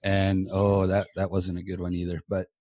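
Recording on earbuds in a small home office, a man hosts a podcast and has a loose, casual chat with a guest, occasionally swearing. His deep, mellow voice is monotone at a moderate pace, and the recording is dry.

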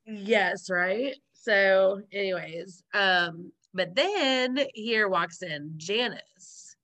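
A woman co-hosting a casual chat about a sitcom episode, relaxed and laughing often. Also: medium pitch, drawn-out words. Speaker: podcast co-host.

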